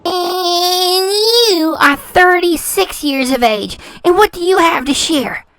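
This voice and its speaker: Sarcastic high-voiced woman ranting. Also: slow pace, fairly bright tone, no room sound. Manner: sarcastic, taunting, repeats words for scorn. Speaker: reaction channel host. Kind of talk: ranting commentary.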